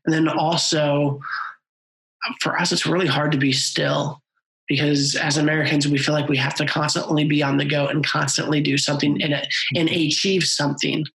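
A man's voice: on the high side, little pitch movement, moderate pace, vocal fry, fairly bright tone, rough recording. A man hosting a podcast interview, talking in an earnest, reflective way. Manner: earnest, reflective, sometimes playful. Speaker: podcast host. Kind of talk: conversational interview.

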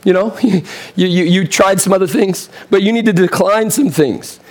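A man in his thirties delivers a sermon with a slightly high voice, talking plainly and putting questions to the congregation. His voice is starting to go a little hoarse. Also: normal speed. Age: 30s. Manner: direct, conversational preaching with rhetorical questions. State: getting hoarse. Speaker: pastor.

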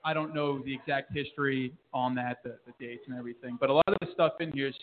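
A man's voice: medium pitch, steady tone, quick pace. A man who works at a brewery, casually explaining its beers with many hesitant fillers. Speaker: brewery staff member. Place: brewery bar. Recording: tinny phone-like sound.

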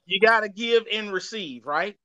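A man's voice: high-pitched, normal speed, a crowd in the background. Emphatic man lecturing the fellas. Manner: emphatic, repeats "I'ma tell you right now", addresses the fellas. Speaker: podcast co-host. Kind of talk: casual panel chat.

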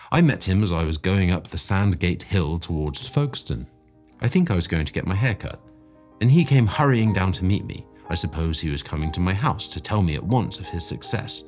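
Deep husky guy reading an old story, voice goes up and down a lot. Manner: measured, expressive storytelling. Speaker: story reader. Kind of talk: audiobook narration.

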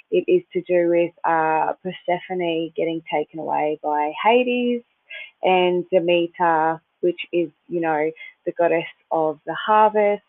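Host, chatty and meandering, with a gravelly edge, recorded dry and phone-thin. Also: medium pitch, no room sound. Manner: rambling, chatty, loses track and restarts; occasional swearing. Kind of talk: casual spiritual talk. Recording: dry, tinny phone-like sound.

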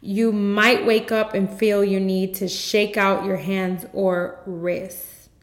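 A woman's voice: mid-range voice, little pitch movement, slow. Candid woman podcaster, echoey room. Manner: emotional, candid, addresses listeners as y'all. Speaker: podcast host. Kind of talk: personal testimony storytelling.

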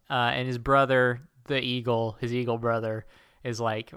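A man's voice: mid-range voice, little pitch movement, moderate pace, a bit bright, clear, resonant tone, no room sound, studio quality. A man co-hosting a casual comedic chat, recapping a plot in a rambling, jokey way and doing silly quoted voices. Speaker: podcast co-host.

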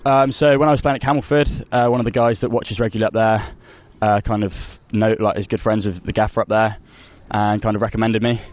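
A man's voice: lowish voice, fairly even intonation, fast talker, hardly any pauses, muffled recording. A young man, a footballer, chatting in an interview, rambling with lots of "you know" and restarts. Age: young adult. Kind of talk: casual post-match interview.

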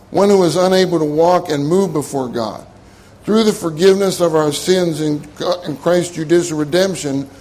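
A man's voice: high-pitched, a little mellow. An older man preaching a sermon in a conversational way, repeating his key phrases and laughing at his own jokes.

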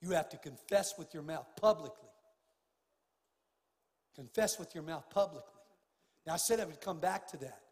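An older man preaching a sermon as pastor, impassioned, swinging from hushed tones to loud outbursts. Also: a little high, animated, moderate pace, pauses often, big-room sound. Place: church sanctuary.

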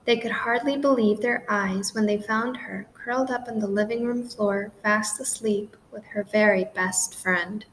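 Woman gently reading a children's story. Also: mid-range voice, fairly even intonation, a little slow, few pauses, a little hiss or hum, low-quality recording. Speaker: storybook narrator. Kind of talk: scripted children's story narration.

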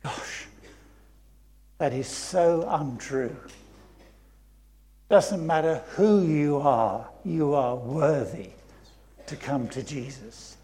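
A man's voice: on the high side, slow pace, long pauses, mellow. A man, preaching a sermon in a church, reading scripture and repeating phrases for emphasis. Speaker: pastor.

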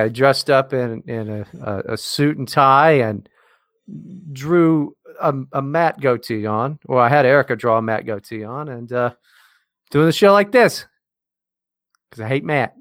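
A man's voice: mid-range voice, a bit bright, smooth, dry recording, clean studio sound. A man co-hosting a casual podcast, joking around and hesitating with many fillers. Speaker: co-host.

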